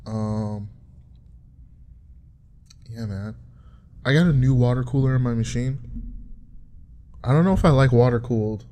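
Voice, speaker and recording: A man's voice: medium pitch, unhurried, long pauses, warm tone. A young man rambling casually and profanely, joking and laughing at his own bits.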